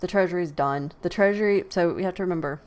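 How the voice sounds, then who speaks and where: A woman from the US with a fairly low voice speaks fast while hosting a podcast. Her casual commentary is opinionated and animated, peppered with laughter and sighs.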